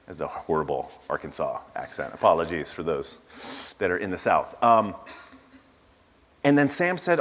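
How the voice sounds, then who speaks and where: A man's voice: sits low, animated, unhurried, a bit bright. Man giving a casual keynote in a hall. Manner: casual storytelling with asides and fillers. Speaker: conference speaker. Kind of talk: conference keynote talk. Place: large conference hall. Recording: reverberant conference hall.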